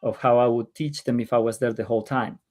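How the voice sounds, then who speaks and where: A man's voice: medium pitch, steady tone, fast. Male guest from Peru, eager conversational tone, occasional stumbles. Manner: warm, enthusiastic, some stumbles. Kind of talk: casual conversation.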